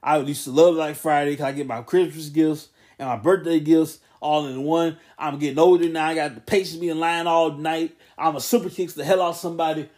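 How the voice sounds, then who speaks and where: A man's voice: a little high, steady tone, fairly quick, few pauses, a little mellow. A man in his late twenties hosting a casual solo wrestling podcast, rambling loosely and correcting himself as he goes. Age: 20s. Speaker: podcast host.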